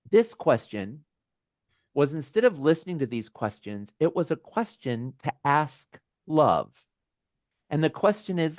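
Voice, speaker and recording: A man hosting a community video call, talking in a gentle, musing way with small laughs and restarts. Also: on the high side, sing-song, measured pace, no room sound, clean studio sound. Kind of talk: reflective casual talk.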